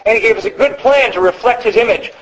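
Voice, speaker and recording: Man, pastor, sermon, earnest teaching, repeats key points, high voice. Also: quick pace, poor audio.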